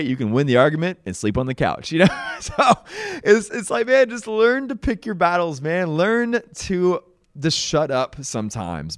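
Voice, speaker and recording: A man's voice: on the high side, clear, resonant tone, dry recording, clean studio sound. A young man, hosting a motivational podcast in a folksy, rambling way and often saying "y'all" and "man.". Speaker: podcast host. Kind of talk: casual motivational monologue.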